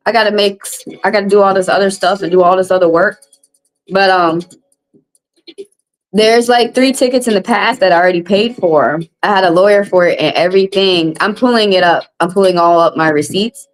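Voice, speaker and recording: A woman's voice: fairly quick, poor audio. A woman, a tarot reader hosting a live stream, venting bluntly and with plenty of swearing to her viewers. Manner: blunt and profane, vents with rising pitch.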